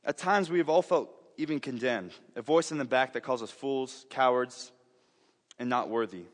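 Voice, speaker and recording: Young preacher in a reverberant hall. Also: male voice, mid-range voice, normal speed. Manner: earnest, conversational, with frequent restarts and asides. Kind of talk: sermon.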